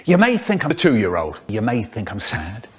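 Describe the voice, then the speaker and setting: A man in his seventies performing comic stories and rhymes in a theatrical, lively way. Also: on the low side, moderate pace, slightly rough. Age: 70s. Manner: theatrical, lively, swoops between silly voices. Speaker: children's poet performer. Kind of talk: animated storytelling, chopped into a remix.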